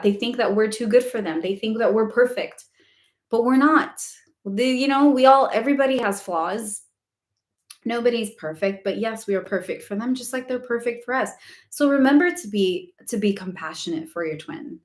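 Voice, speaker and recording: A woman's voice: fairly high pitch, a little fast, echoey room. Chatty woman hosting a live stream. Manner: chatty, says "like" often, laughs easily. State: voice going hoarse from talking for hours. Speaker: host of a spiritual live Q&A. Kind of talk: casual live-stream chat.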